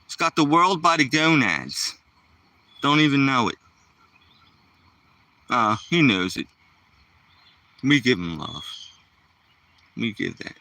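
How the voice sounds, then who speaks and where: A man's voice: fairly high pitch, pushed and bright, no room sound, far from the mic. A man chatting casually while walking his dog outdoors, rambling and joking to the dog and the camera. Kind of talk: casual vlog chat.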